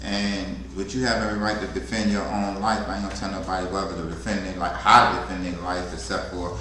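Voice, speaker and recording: A man co-teaching a security class in a relaxed, colloquial way. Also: low-pitched, fast talker. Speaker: security co-trainer. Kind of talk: casual instructional talk. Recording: very echoey room, faint noise.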